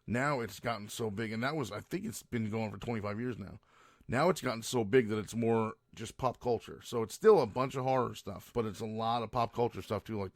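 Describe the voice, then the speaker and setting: A man's voice: lowish voice, dry recording, clean studio sound. A man hosting a podcast, ranting in a rambling, profane monologue full of restarts. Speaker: podcast host. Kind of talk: casual monologue.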